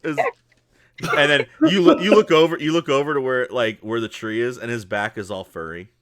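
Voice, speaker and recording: A man narrating a tabletop game as game master, casual and excitable, often laughing as he describes the action. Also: medium pitch, brisk, a crowd in the background.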